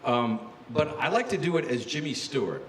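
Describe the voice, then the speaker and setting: A man's voice: mid-range voice, sing-song, normal speed, a bit bright, a little hiss or hum. A man, a comedian guest, chatting casually and laughing at himself as he talks. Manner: self-mocking, laughs while talking. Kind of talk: casual interview chat. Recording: echoey room.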